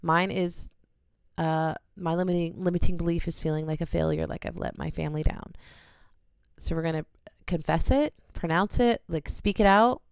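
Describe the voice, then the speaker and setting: A woman, an oracle card reader, gently and earnestly talking viewers through a ritual in a small home studio in her bedroom. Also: on the low side, moderate pace, gravelly, smooth, no echo. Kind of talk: casual guided ritual talk.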